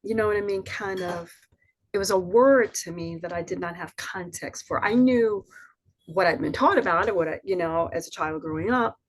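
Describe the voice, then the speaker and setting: Soothing, husky older woman storyteller. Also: on the low side, normal speed. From Southern US. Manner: soothing, reflective, lively when quoting others. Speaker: poet, interview guest. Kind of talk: reflective storytelling interview.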